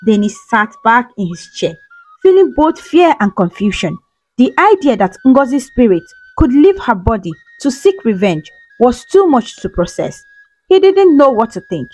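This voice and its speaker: A woman's voice: a little high, sing-song, normal speed, rough recording. A woman storyteller giving scripted, dramatic narration of a folktale. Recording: soft music behind.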